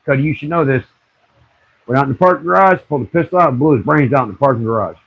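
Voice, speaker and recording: An older man hosting a casual livestream, telling animated stories and acting out the voices of people he quotes. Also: medium pitch, racing, creaky, slightly rough, dull audio. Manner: animated storyteller who acts out quoted voices. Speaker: livestream host.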